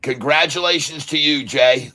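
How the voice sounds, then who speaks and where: Guy doing live trading commentary, real bright sharp voice, kinda high, hyped up and talking straight to viewers. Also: moderate pace. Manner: excitable, coaching viewers, repeats prices aloud. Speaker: day-trading livestream host.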